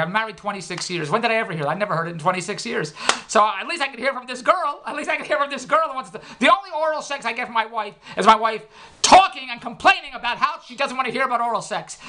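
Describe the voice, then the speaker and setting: A man's voice: very high-pitched, bright, forceful tone. A man in his fifties telling a rambling comic story, repeating himself and making wry self-mocking asides.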